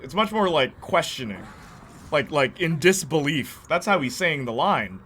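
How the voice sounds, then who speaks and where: A man's voice: on the high side, sing-song, normal speed, sharp tone. A young man casually commenting on his gameplay. He laughs often, talks in slang and mocks the lines by putting on voices. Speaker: let's play host.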